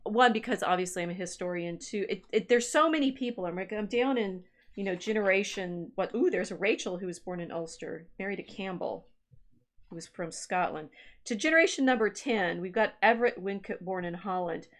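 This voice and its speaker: A woman's voice: mid-range voice, fairly quick. A woman historian co-hosting a casual livestream chat, musing aloud as she reads through family records. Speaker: podcast co-host and historian.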